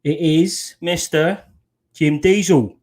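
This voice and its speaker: A man's voice: on the high side, steady tone, slow, heavy background noise. A British man hosting a casual live stream, bantering, swearing and laughing with guests. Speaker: livestream host. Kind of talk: casual livestream chat.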